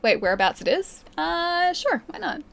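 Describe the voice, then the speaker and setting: A woman's voice: extremely high pitch, sing-song, normal speed, vocal fry, fairly bright tone. Young Australian woman, let's play streamer, chatty and giggly, faint hum behind. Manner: chatty, giggly, talks to chat while playing.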